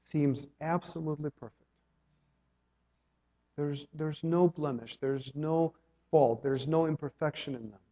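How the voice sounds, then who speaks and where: Pastor, male, from Ukraine, fairly high voice, preaches with probing questions, quiet to loud; dull recording in a long-reverb church. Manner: questioning, swings from loud to hushed. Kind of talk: sermon.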